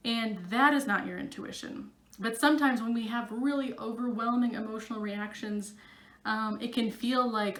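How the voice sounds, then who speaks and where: A woman's voice: a little high, moderate pace, a bit bright. Chatty woman psychic vlogger, echoey room. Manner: chatty, many fillers and "like"s. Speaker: psychic coach. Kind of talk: casual talk to camera.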